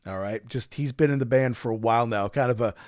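A man's voice: mid-range voice, fast talker, no room sound, clean studio sound. A middle-aged man, a podcast host, telling a concert story in casual chat. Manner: storytelling, animated when quoting his daughter.

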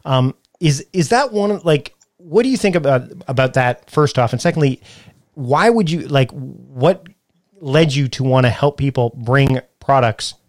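A man's voice: medium pitch, animated, unhurried, dry recording, clean studio sound. A man hosting a podcast interview, talking in a chatty, rambling way with frequent laughs. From Canada. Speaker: podcast host. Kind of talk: casual interview chat.

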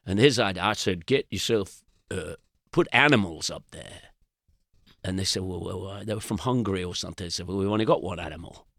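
An older English man spins anecdotes in a loose, meandering way. He often stops and restarts mid-sentence. His voice sits a little low and sounds dry and close to the mic. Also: a little fast, vocal fry, fairly bright tone, no echo. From England. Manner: rambling anecdotal storyteller, frequent restarts. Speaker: guest musician. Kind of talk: casual storytelling interview.

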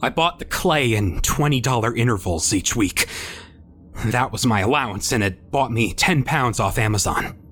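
A man's voice: mid-range voice, lively intonation, normal speed, a bit bright. Stammering young man narrating wryly. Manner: stammering, wry, nervous teen persona. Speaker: narrator, voice performer. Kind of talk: first-person horror story narration.

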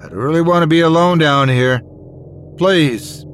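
A woman's voice: sits low, moderate pace, slight background noise, voice pushed up, lightly acted. A man voicing a frightened young woman diver who is near tears, frantic and pleading.

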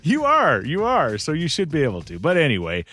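A man's voice: a little high, huge pitch swings, a little fast, pushed and bright, dry recording. Upbeat male morning radio host. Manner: upbeat, jokey, laughs often. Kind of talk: casual morning radio banter.

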